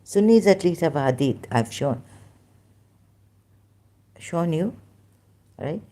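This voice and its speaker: A woman giving an informal critical commentary monologue, rambling and halting, with many restarts and rhetorical questions. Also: deep voice, animated, warm tone. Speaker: online commentator.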